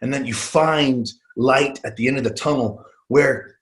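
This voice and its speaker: A man's voice: mid-range voice, a little slow. Earnest man giving a sales talk. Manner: earnest, storytelling, frequent fillers. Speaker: webinar presenter on phone sales. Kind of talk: motivational business presentation.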